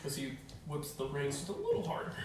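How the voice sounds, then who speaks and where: A man's voice: a little high, huge pitch swings, brisk, very noisy. A man running a tabletop game as game master, narrating and teasing the players, in an echoey room far from the mic.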